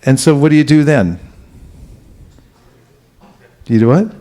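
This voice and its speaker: A man giving a relaxed, conversational spiritual talk, asking the audience questions and chuckling now and then. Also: a little high, a little slow. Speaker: spiritual teacher giving a class. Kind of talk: conversational sermon.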